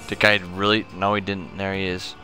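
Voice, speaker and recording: A drunk man streaming a game, talking slowly and irritably, swearing all the time as he comments on play. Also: deep voice, level tone, pushed and bright, faint music behind. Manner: slow, slurred, irritable, swearing constantly. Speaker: gaming streamer. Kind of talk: profane drunk gameplay commentary.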